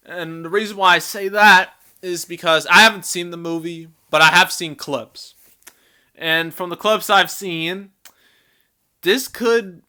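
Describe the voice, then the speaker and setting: A man with a bright, crisp and smooth voice talks through a casual commentary on movie earnings. He sounds animated and chatty, breaks into laughter often and trails off into fillers now and then. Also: fairly high pitch. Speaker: movie box office commentator.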